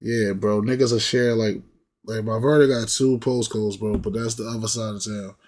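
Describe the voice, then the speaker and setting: A man's voice: fairly low pitch, moderate pace. A man, hosting a reaction video and chatting casually in slangy, repetitive talk. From New York. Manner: slangy, repetitive, animated when imitating others. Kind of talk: casual rambling chat.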